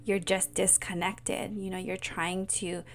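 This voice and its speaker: A middle-aged woman shares a reflective monologue in a lowish voice with a gravelly fry. She speaks earnestly and softly, often sinking into a near-whisper. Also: little pitch movement, measured pace. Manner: earnest, soft-spoken, often drops to a whisper. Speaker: mentor and coach.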